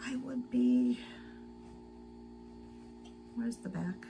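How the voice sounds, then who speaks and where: A tired woman hosting a casual sewing livestream, chatting slowly to viewers and to herself as she works. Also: on the high side, sing-song, vocal fry, music in the background, poor audio. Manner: slow, chatty, talks to herself while working. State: tired and sleepy.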